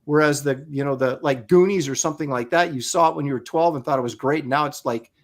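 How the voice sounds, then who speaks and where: A man's voice: on the high side, quick pace. A middle-aged man chatting casually on a livestream, telling rambling stories with lots of fillers and restarts. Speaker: co-host of a crowdfunding livestream. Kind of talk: casual chat. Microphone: video call.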